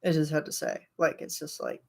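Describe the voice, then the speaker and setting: A woman's voice: low voice, fairly quick, creaky. A woman in her thirties chatting casually with her viewers, rambling and giggling as she tells stories. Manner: rambling, giggly, animated retelling. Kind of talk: casual chat.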